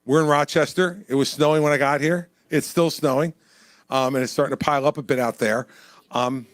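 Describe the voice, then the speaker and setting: A man's voice: medium pitch, fairly even intonation, brisk. Punchy, plain-spoken man at a town hall. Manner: punchy, conversational, repeats lines for emphasis. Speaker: presidential candidate at a town hall. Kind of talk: town hall stump speech and Q&A. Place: indoor town hall venue.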